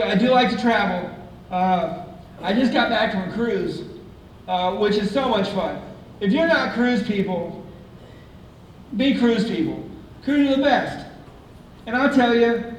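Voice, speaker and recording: A man's voice: high voice, a little hiss or hum. A man performing a live stand-up routine on a theatre stage, telling chatty, self-mocking stories. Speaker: stand-up comedian. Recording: echoey theatre from far off.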